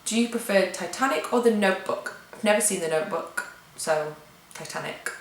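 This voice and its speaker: A woman's voice: mid-range voice, brisk, echoey room, low-quality recording. A young woman from England with a British accent, reading out tag questions and answering them offhand in a casual vlog chat at home. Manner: chatty, reads questions aloud and answers offhand. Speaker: vlogger.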